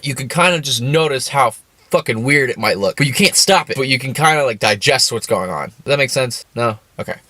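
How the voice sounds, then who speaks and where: A young man telling a rambling comic story in casual speech, swearing heavily and getting animated. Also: mid-range voice, fairly quick, no room sound. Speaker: storyteller host.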